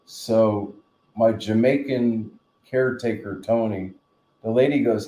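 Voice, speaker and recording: Lying in bed at home, this New Jersey man hosts a relaxed live stream with a roomy echo around him. He has a mellow, lowish voice with a steady tone and takes his time, wandering through jokes and stories.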